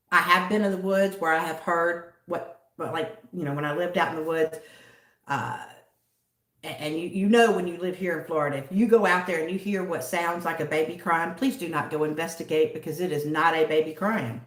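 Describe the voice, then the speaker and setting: Woman livestream host, casual rambling chat, lowish voice, sits back from the mic in an echoey room. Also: moderate pace, fairly bright tone. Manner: rambling, chatty, answers viewers by name. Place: home in a city. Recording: roomy echo, distant from the mic.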